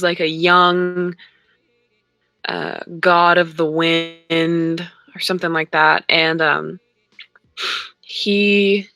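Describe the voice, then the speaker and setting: A young adult woman co-hosting a podcast, retelling a book in casual chat with hesitant pauses and many ums. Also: lowish voice, pushed and bright, smooth, no room sound. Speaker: podcast co-host.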